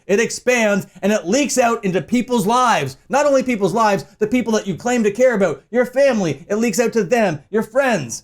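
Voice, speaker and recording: A high-voiced man tears into his subject in an angry reaction rant. He swears constantly and hurls insults as he talks. He speaks as the host of his own commentary video. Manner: heated, profane, shouting insults.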